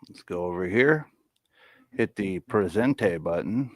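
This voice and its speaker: A man with a lowish voice hosts a casual livestream chat, relaxed and loose, swearing now and then. The sound is dry and close, with little room around it. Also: takes it slowly, no room sound. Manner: laid-back, swears casually. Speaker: livestream show host.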